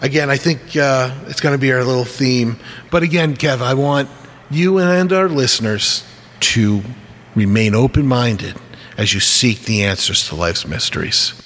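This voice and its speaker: A man's voice: medium pitch, unhurried, fairly bright tone. A man hosting a podcast in casual chat, rambling and playful, laughing often. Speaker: podcast host.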